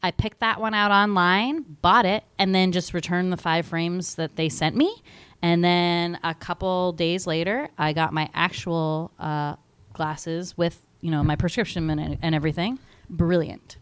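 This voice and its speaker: Wry woman podcast co-host, smooth voice. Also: fairly low pitch, unhurried, dry recording. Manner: wry, deadpan asides. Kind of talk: casual chat.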